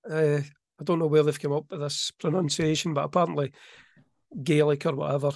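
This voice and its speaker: A middle-aged man co-hosting a podcast in casual chat, relaxed and wry, poking fun at himself. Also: on the high side, brisk, gravelly, no echo, studio quality. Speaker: podcast co-host.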